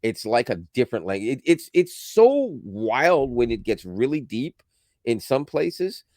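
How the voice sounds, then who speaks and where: A man co-hosting a podcast in casual chat, animated, laughing often and dropping into quick impressions. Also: mid-range voice, no echo, studio quality. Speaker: podcast co-host.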